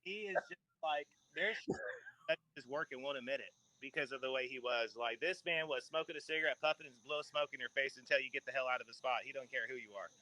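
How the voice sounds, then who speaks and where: A man's voice: medium pitch, fast, bright, forceful tone, rough recording. A man hosting a casual podcast chat, telling long rambling stories with laughs mixed in. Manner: rambling storyteller, laughs mid-sentence. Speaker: podcast host.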